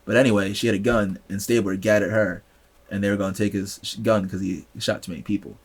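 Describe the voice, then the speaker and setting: A man's voice: lowish voice, fairly even intonation, fast talker, husky. A man co-hosting a casual podcast, joking and steering the talk between topics. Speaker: podcast co-host. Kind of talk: casual chat.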